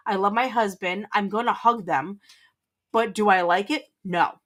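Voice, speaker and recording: A woman's voice: mid-range voice, normal speed, fairly bright tone. A woman hosting a casual livestream, reading chat aloud, teasing and laughing often, rambling with restarts. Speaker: livestream host.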